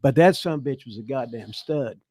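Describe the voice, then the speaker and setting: A man's voice: mid-range voice, a little fast, a little mellow, dry recording. Older male host, salty storyteller, dry close sound. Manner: profane, rambling, laughs through his stories. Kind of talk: casual storytelling.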